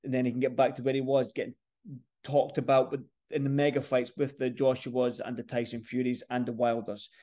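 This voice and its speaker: A man's voice: medium pitch, little pitch movement, brisk, mellow. A man talking casually to camera as a boxing vlogger, chatty and repeating words and phrases for emphasis. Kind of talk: casual fight-preview talk to camera.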